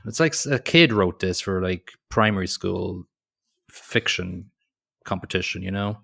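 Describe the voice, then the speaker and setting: A man, casually recapping a movie scene by scene on a podcast, sarcastic and quick to mock the dialogue. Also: low-pitched, gravelly, a bit bright. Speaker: podcast co-host.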